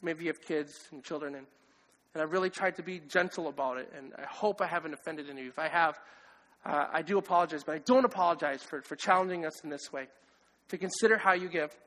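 High-pitched guy preaching, lots of acted-out voices, big reverby church sound. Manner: animated, acts out voices of others. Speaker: pastor. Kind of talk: sermon. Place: church hall. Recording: long hall reverb.

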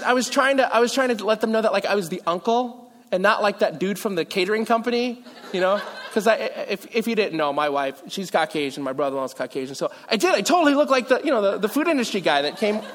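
Pastor, male, high voice, relaxed and jokey sermon delivery, large reverberant hall. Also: a little hiss or hum. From Philippines. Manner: casual, joking, self-deprecating asides.

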